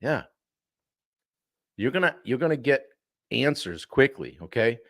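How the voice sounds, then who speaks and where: Animated male sales coach, dry sound. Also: medium pitch, unhurried, no echo. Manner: animated, acts out client calls, clears throat often. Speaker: sales coach and show host. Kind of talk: live-stream coaching talk.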